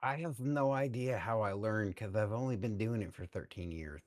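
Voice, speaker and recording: A man's voice: on the low side, normal speed, a little mellow. A man playing in a tabletop game, hesitant and full of fillers. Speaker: player. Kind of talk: casual tabletop role-play.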